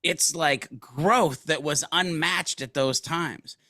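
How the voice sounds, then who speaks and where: A man speaks as an interview guest, his voice bright and forward. He tells stories in a casual, slangy way and acts out other people's lines. The sound is dry and close, with no room echo. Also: fairly high pitch, slow. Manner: animated storyteller, casual slang, acts out quotes. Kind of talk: conversational business interview.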